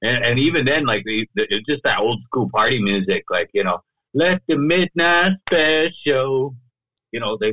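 A man's voice: on the low side, bright, forceful tone, no room sound, low-quality recording. A man, a podcast guest, tells a personal story in loose, talky speech, often leaning on "you know" and "right?". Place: podcast studio.

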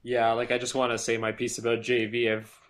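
A young man co-hosting a casual sports podcast, talking in a relaxed, rambling way with many fillers. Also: mid-range voice, a little fast. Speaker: podcast co-host. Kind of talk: casual basketball podcast chat.

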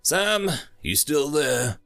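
A man's voice: a little high, big pitch swings, extremely slow, creaky, fairly bright tone, faint music behind, voice pushed up, heavily acted. Man voicing a firm, commanding engineer. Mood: concerned.

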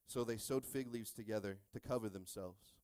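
A middle-aged male pastor preaching a sermon with animated call-and-response, shifting between hushed talk and shouts. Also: lowish voice, normal speed, no room sound.

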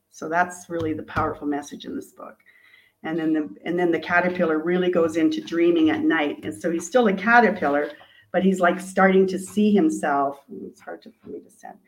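A woman author and coach talks through her book in a podcast interview. She tells it animatedly, dipping into little acted quotes. Her voice sits slightly low for a woman. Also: rough recording.

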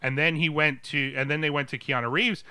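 A man's voice: fairly high pitch, steady tone, brisk, pushed and bright. A man co-hosting a casual movie podcast, rambling with fillers and restarts. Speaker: podcast co-host.

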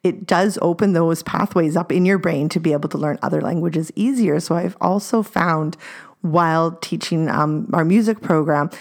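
A woman from British Columbia talks in an easy, chatty way with a lowish voice. She laughs often between thoughts and fills gaps with plenty of "um" and "like". It sounds like a relaxed podcast conversation. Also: normal speed, vocal fry. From British Columbia, Canada. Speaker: podcast guest, former French immersion student. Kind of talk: casual chat.

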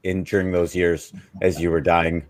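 A man hosting a podcast, giving short affirmations and asking halting questions. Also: sits low, little pitch movement. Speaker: podcast host. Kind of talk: interview.

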